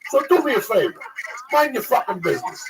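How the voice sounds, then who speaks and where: A man rants on a podcast, swearing constantly and jumping between loud outbursts and low asides. His voice is gravelly with a lively, swinging pitch. He sounds far from the mic, with heavy noise behind him. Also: fast. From New Jersey / New York area. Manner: loud, swearing, combative, animated. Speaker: podcast host. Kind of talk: profane ranting podcast chat.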